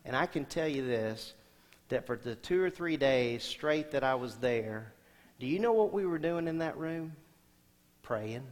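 Pastor preaching in a reverberant hall. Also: male voice, medium pitch, animated, unhurried. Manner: asks the congregation rhetorical questions; swings between loud emphatic lines and quiet soft ones. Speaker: senior pastor. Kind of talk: sermon.

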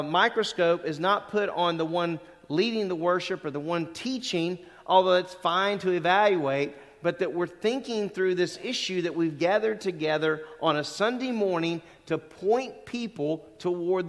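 A middle-aged man delivers a sermon in a church sanctuary, his fairly high voice ringing through a long hall reverb. He keeps a chatty, conversational tone and then leans hard on key words for emphasis. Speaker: pastor.

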